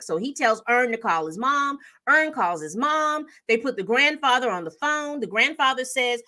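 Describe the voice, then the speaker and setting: Woman, high bright voice, chatty TV recap host, lots of fillers. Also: fairly quick, hardly any pauses. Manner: chatty, animated storytelling with acted-out quotes; frequent fillers and self-corrections. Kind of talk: casual TV episode recap.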